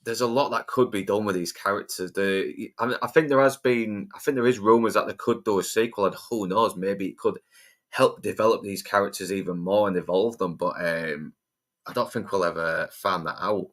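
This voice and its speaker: A man talking through a film in a casual podcast chat with a lowish voice. He rambles, swears constantly and keeps restarting his sentences. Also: fairly even intonation, normal speed, fairly bright tone. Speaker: podcast co-host.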